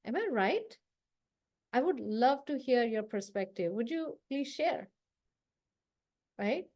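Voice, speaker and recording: A woman's voice: a little high, expressive, slow pace, darkish tone. A woman trainer giving a live confidence workshop, talking casually and checking in with her audience as she acts out short workplace lines. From South Asia. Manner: coaching, conversational, asks the audience for agreement.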